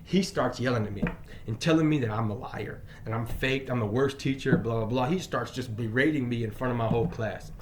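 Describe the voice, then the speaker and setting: A male teacher telling a personal story in an emphatic way, moving between loud bursts and quiet asides. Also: medium pitch, fairly quick, background noise. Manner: frequent fillers and restarts.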